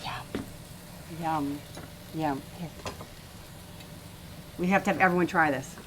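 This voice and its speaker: A woman's voice: low-pitched, slow pace, noisy background. A woman hosting a home cooking show, chatting and serving food to her guests in the kitchen. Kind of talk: casual cooking chat.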